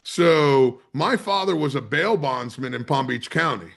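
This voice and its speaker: A charter captain from the US East Coast, a guest on a podcast, telling a story in a lively, salty way and acting out what people said. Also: male voice, medium pitch, a little slow, gravelly. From Maryland's Eastern Shore, USA. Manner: vivid storyteller, swears freely, acts out quotes. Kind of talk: conversational storytelling.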